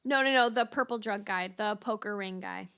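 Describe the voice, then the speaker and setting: A woman co-hosting a podcast in casual movie-review chat, chatty and quick to agree. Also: mid-range voice, sharp tone, clear, resonant tone. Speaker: podcast co-host.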